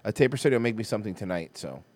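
A man's voice: fairly low pitch, animated, racing, a little mellow, no room sound. A man hosting a casual livestream, reacting animatedly and swearing freely. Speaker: livestream host.

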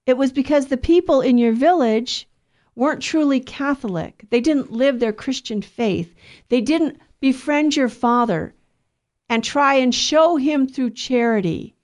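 A woman's voice: high voice, unhurried, darkish tone. A middle-aged woman giving an earnest, conversational religious talk, preaching with occasional restarts. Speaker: Catholic speaker.

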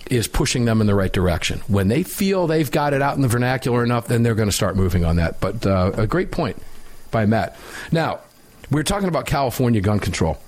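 A man hosting a talk radio show, giving opinionated commentary in an emphatic, sarcastic way. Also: mid-range voice.

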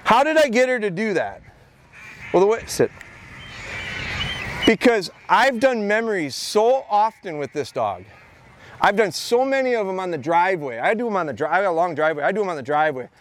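A man who is a dog trainer giving an energetic, repetitive talk at a live training seminar outdoors. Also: high voice, a little fast, slight background noise. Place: outdoor expo training area.

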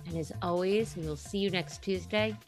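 A woman's voice: on the low side, normal speed, faint music behind. A woman hosting a podcast interview, talking in a chatty, filler-heavy way. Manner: chatty, warm-hearted, many fillers. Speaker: podcast host. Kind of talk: casual interview chat.

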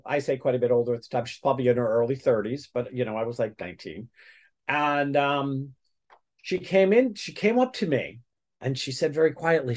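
A man's voice: mid-range voice, a little fast, darkish tone. A man telling a story as a guest in a casual interview, rambling with many restarts.

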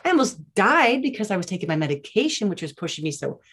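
A woman voicing an excited, dramatic eighteen-year-old girl who talks in a bubbly, breathless rush. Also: medium pitch, fast talker, slightly rough, pitched above the performer's own voice.

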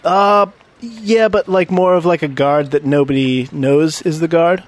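A man's voice: a little high, unhurried, slight background noise. A man playing a tabletop game, rambling and improvising with lots of "like" and restarts. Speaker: player.

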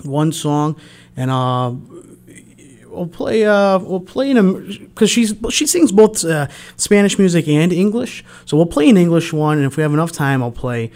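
A man's voice: fairly high pitch, big pitch swings, a little slow, a little mellow. A man hosting a local radio show, chatting casually between songs with many fillers and restarts. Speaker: radio host. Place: radio studio.

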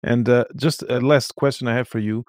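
A man's voice: medium pitch, fairly even intonation, fairly quick, darkish tone, no echo, clean studio sound. A man hosting a podcast interview, asking questions hesitantly with fillers and restarts. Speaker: podcast host. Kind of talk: casual interview chat.

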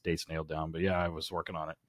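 A man's voice: rumbling low, little pitch movement, very fast, no echo. Joking, cursing podcast co-host man. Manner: joking, profane storyteller. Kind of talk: casual podcast chat.

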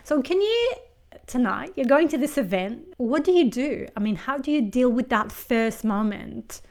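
A woman interviewer asking reflective questions and responding in a thoughtful, measured way. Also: high-pitched, expressive, a little mellow.

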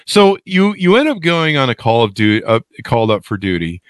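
A man's voice: medium pitch, sing-song, smooth. A man hosting a podcast interview, dropping jokes and asking follow-up questions. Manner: joking quips and quick follow-up questions. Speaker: podcast host.

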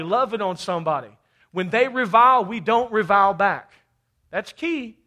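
A man's voice: high-pitched, bright, forceful tone. A man from Kentucky preaching a fervent sermon, often calling out for amens. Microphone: handheld or head mic.

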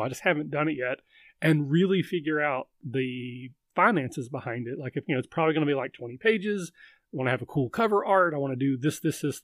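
A man's voice: fairly high pitch, no room sound. A man hosting a casual live chat, rambling and thinking aloud with lots of fillers. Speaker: livestream host.

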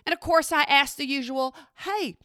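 A middle-aged woman telling a story in a chatty, animated way and often checking in with her listeners. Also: sits high, normal speed, no room sound, clean studio sound. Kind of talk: casual spoken storytelling.

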